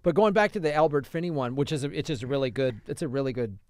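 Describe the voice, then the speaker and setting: A man's voice: mid-range voice, quick pace, darkish tone, no room sound. Man chatting on a podcast, rambling. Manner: rambling, lots of fillers and restarts. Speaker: podcast co-host, film reviewer. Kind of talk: casual chat. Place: podcast studio.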